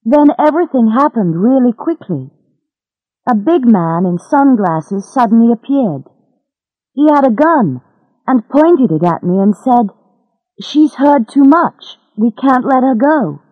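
A woman's voice: on the high side, big pitch swings, a little slow, dry recording, highs cut off, voice pushed up. A woman voicing a frightened young American woman recounting her capture, in a storybook reading.

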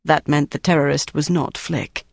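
Steady audiobook narrator, dry sound. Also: mid-range voice, normal speed, gravelly, dry recording. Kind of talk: scripted narration.

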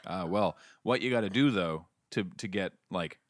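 A man's voice: low voice, moderate pace, dry recording. A man co-hosting a podcast, chatting casually and jokingly as he retells a TV episode scene by scene. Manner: jokey, retells scenes with quoted lines. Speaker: podcast co-host. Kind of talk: casual chat recapping a TV episode.

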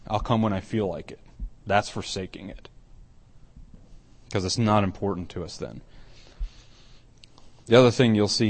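A middle-aged man with a lowish voice preaches a conversational sermon as an elder. He often repeats himself and restarts, then builds up to emphatic points.

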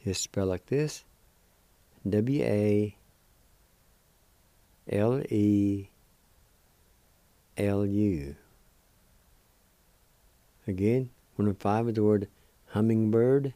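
An older man with a Cherokee accent teaching words slowly and deliberately as a radio language teacher, repeating each one. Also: on the low side, warm tone, no echo. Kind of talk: slow spelled-out language lesson.

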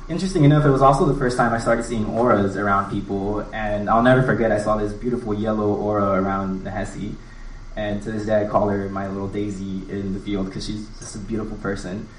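A man tells a personal story at a live event in an earnest, halting way, often restarting mid-phrase. His voice sits a little low. It is picked up from a distance in a reverberant room with faint ambient noise. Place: live event space with an audience.

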